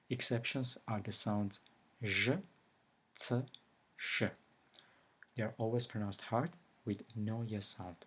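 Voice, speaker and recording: Husky man teaching a language lesson. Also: lowish voice, a little mellow. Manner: slow, careful explanations with example words.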